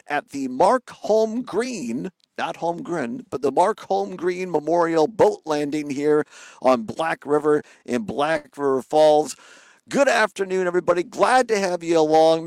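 Upbeat talk radio guy rambling on air, highish voice, dry close sound. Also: no room sound. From Wisconsin. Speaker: radio talk show host. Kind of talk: live remote radio talk. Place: outdoors on a riverbank.

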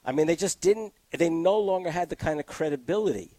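Animated man talking politics. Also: on the high side, no echo. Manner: animated, argumentative, quick to laugh. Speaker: political commentator guest. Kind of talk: casual political discussion. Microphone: close studio mic.

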